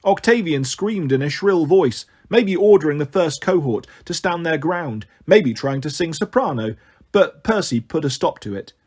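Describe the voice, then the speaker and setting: A man reading a novel aloud as an audiobook narrator, measured and expressive. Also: fairly high pitch, slightly rough. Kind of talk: storytelling narration.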